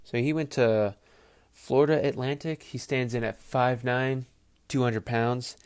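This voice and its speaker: A man talks football on his own podcast, loose and rambling, with plenty of swearing and quick acted-out player voices. His voice sits in an ordinary middle range. The sound is dry and close, with no room around it. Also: mid-range voice, clear, resonant tone, no echo. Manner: rambling, profane, animated asides with quoted voices. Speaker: podcast host. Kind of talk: casual football commentary.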